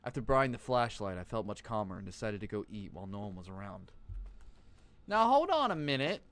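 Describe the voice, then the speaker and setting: Male streamer, live gameplay commentary, lively pitch, profane jokes, reads game text aloud. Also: brisk. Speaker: streamer playing a horror game.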